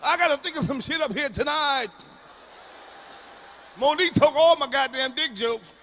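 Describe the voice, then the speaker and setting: Male stand-up comic, high and bright, profane and emphatic, live venue recording with faint noise. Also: normal speed. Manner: profane, emphatic, shouting punchlines. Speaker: stand-up comedian. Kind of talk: stand-up comedy routine. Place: large concert venue.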